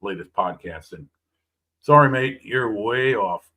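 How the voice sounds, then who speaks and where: Husky low-voiced man chatting on stream. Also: lively intonation, a little slow, pushed and bright. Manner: friendly, teasing, chatty. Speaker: co-host of a live scale-modelling stream. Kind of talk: casual live-stream chat.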